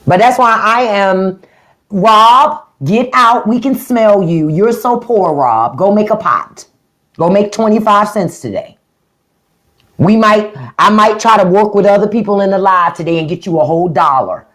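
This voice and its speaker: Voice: mid-range voice, unhurried, fairly bright tone. A livestream host giving a blunt, profane, mocking rant to viewers. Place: livestream at home.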